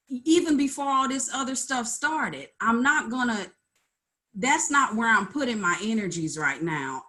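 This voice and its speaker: A middle-aged woman on a video call, speaking in an earnest, tired, halting way. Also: on the high side, lively intonation, pushed and bright. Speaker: call participant, artist. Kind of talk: candid group video call.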